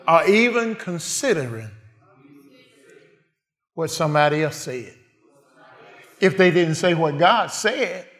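A man preaching a sermon in a call-and-response way, asking the congregation questions and answering them. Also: fairly high pitch.

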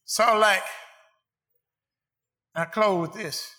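A man's voice: sits high, slow, bright, forceful tone. A man preaching a sermon to a congregation, emphatic and rhythmic, repeating phrases for effect.

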